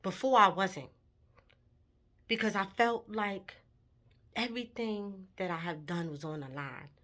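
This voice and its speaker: A woman's voice: mid-range voice, a little slow, fairly bright tone. A woman telling a personal story in a candid, emotional vlog, with her intensity rising at times. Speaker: vlogger.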